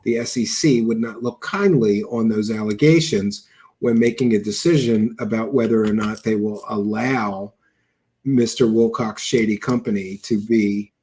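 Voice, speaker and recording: A man's voice: on the low side, normal speed, a little mellow, husky. A man hosting a show, giving mocking, sarcastic commentary over video clips and thanking viewers for donations. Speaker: show host reacting to clips.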